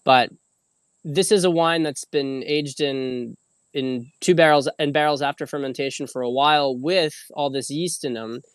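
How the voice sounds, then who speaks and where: Male host, casual meandering delivery, middle pitch, dead dry room. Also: normal speed, clear, resonant tone, dry recording. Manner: rambling, casual, swears freely. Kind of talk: casual livestream talk.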